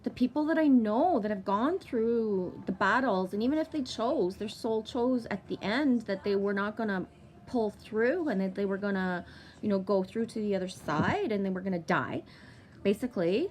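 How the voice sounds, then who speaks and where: A woman in her thirties vlogs a long personal story as a casual monologue, swearing freely and using many fillers. Her medium-pitched voice is expressive and a little mellow at a moderate pace. Slight background noise is present.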